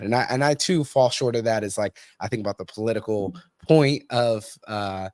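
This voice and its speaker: A man's voice: on the low side, brisk, few pauses, a little mellow, no room sound. A man hosting a casual interview, enthusiastic and friendly with his guest, whom he calls brother. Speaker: podcast host.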